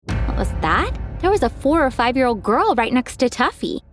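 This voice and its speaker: A woman giving scripted first-person narration for an animated story, expressive and animated. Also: high-pitched, normal speed, soft background music.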